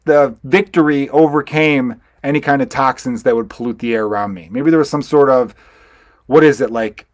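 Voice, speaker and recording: A male podcast host, chatting casually at a medium pitch. He rambles through stories and swears freely. His voice is close and dry, with no room sound. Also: normal speed, no room sound. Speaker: podcast host, stand-up comedian. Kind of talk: casual chat.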